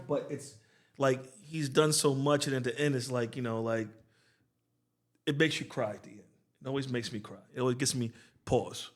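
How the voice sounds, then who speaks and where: A man's voice: medium pitch, steady tone, moderate pace. A man co-hosting a podcast in casual chat, rambling and playful, often repeating and restarting his words. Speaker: podcast co-host.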